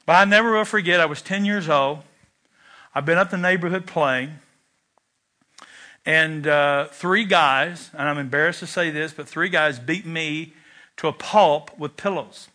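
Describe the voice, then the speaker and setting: A man's voice: a little high, measured pace. A man preaching a sermon, telling a personal story and acting out its lines. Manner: animated storyteller, shouts quoted lines. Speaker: pastor.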